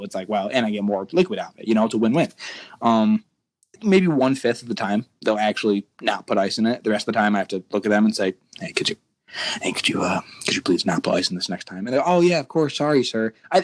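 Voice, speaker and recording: A young man co-hosting a podcast, rambling through casual rants with frequent restarts. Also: fairly low pitch. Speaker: podcast co-host. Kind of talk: casual chat.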